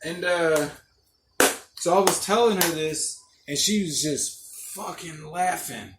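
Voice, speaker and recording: Alone on his podcast, a young man laughs a lot as he rambles through profane stories in a casual monologue. He speaks slowly in a voice on the high side. The room is echoey, with a little faint noise.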